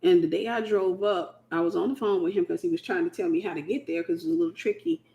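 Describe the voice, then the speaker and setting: A woman's voice: fairly low pitch, fast, mellow, highs cut off. A woman from the United States hosting a casual Christian teaching talk, speaking in an emphatic, colloquial way and repeating her key phrases. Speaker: host.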